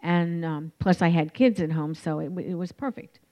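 A woman in her forties telling her recovery story in a candid, reflective way, with many pauses and fillers. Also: lowish voice, warm tone. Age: 40s. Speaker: recovery meeting speaker. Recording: dull lo-fi recording.

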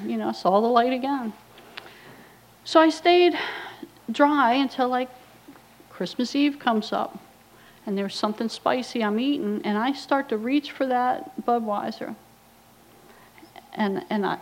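Woman, middle-aged, personal testimony talk, blunt, wry humor, slightly high pitch. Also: normal speed, rough recording. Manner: blunt, wry storytelling with quoted asides. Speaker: recovery speaker.

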